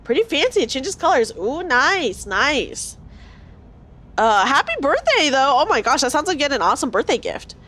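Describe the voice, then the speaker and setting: A woman's voice: high-pitched, big pitch swings, moderate pace, a bit bright. A woman streaming a game, chatting with viewers and reading dialogue aloud. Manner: chatty, reacts aloud and reads lines in character.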